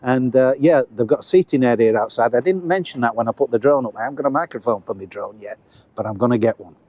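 A man's voice: mid-range voice, quick pace, darkish tone. Chatty man reviewing food. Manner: chatty, addresses viewers as mates. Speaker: vlogger reviewing a pub. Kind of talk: casual food review vlog. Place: pub dining area.

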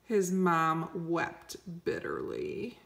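A woman reading a picture book aloud slowly and gently, explaining words for children. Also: on the low side, huge pitch swings, gravelly. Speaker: storyteller.

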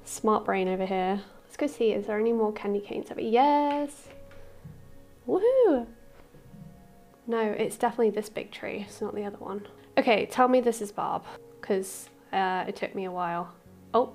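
A woman hosting a casual let's-play, gushing and excitable, with squeals of delight and soft murmurs as she explores. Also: mid-range voice. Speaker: gaming channel host.

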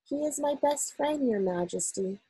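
A woman reading aloud, voicing a polite little girl who answers softly and calmly. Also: high voice, moderate pace, voice pushed up, rough recording. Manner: soft-spoken and respectful.

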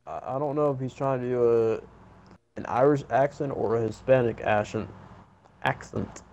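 A man's voice: medium pitch, normal speed, a little mellow, a little hiss or hum. Joking man in lo-fi gamer banter. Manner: joking, swearing, laughs often. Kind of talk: casual gaming banter. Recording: dull lo-fi stream audio.

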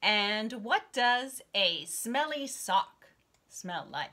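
A young adult woman teaching an English lesson online to a child, slow and encouraging, with lots of praise. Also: mid-range voice, sing-song, sharp tone.

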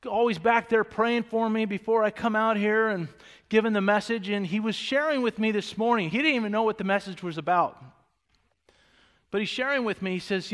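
A pastor preaching a sermon in a church, building from steady storytelling to loud, shouting passages. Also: male voice, sits high, long reverb tail. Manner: builds to loud shouting passages, then drops to a quiet close. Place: church sanctuary.

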